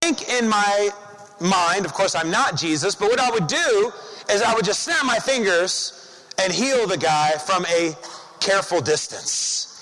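Male pastor, high voice, casual conversational sermon delivery with rhetorical questions, in a church with long reverb. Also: unhurried, sharp tone.

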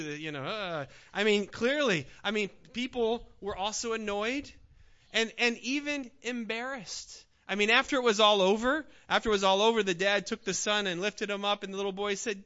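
A man preaching a sermon as pastor, swinging from hushed, searching questions to loud, urgent appeals. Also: high voice, brisk, lo-fi sound. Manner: dynamic preaching, swinging from hushed pleas to near-shouts.

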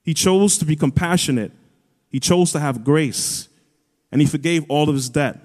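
A man's voice: fairly high pitch, moderate pace, a little mellow. Earnest man preaching in a big hall. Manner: earnest, builds to raised emphatic peaks. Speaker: pastor. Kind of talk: sermon. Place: church auditorium. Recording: long hall reverb.

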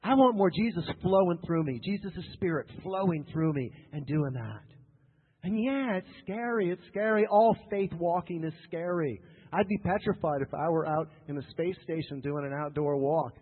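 A man's voice: on the high side, normal speed. Male preacher, sermon delivery, repetitive and emphatic with jokes, echoing church hall, tinny lo-fi capture. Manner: emphatic and repetitive, with joking asides to the congregation. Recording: tinny lo-fi sound with long hall reverb.

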